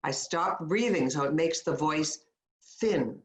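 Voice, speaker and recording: A low-pitched woman coaches a webinar audience on voice in an animated yet unhurried way, and the recording is reverberant. As a communication coach, she demonstrates her points and gives upbeat, encouraging guided tips.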